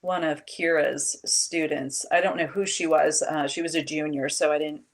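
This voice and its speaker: A woman who teaches high school English, telling classroom stories in a casual, animated way and acting out what her students said. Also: moderate pace. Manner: animated storytelling, acts out students' quotes. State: emotional, near tears. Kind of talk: casual chat.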